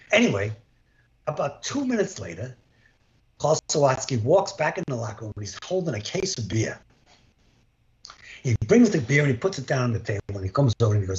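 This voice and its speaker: A man's voice: medium pitch, sing-song, fast talker, highs cut off. An older man, a former baseball umpire, animatedly tells an anecdote over a video call and acts out the dialogue. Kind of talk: storytelling in an interview.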